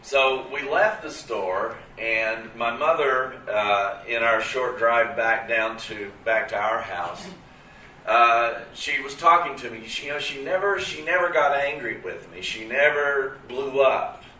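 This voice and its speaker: A man's voice: medium pitch, a little slow, bright, forceful tone, a little hiss or hum. A man in his fifties telling a story in a sermon, folksy and conversational with many fillers. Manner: folksy and conversational, full of "you know" and "uh". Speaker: speaker at a church gathering. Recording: roomy, distant from the mic.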